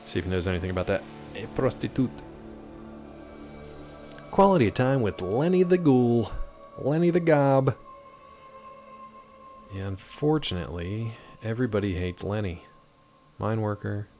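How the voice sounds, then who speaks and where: A man's voice: lowish voice, expressive, moderate pace, mellow, soft background music. A man streaming a video game, chatting casually in a rambling, laid-back way with many fillers. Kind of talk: casual gameplay commentary.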